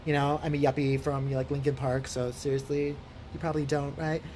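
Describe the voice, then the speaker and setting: A woman's voice: a bass voice, brisk, a little hiss or hum. A woman vlogger telling a story as an indignant, profane rant. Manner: indignant, swearing, animated storytelling.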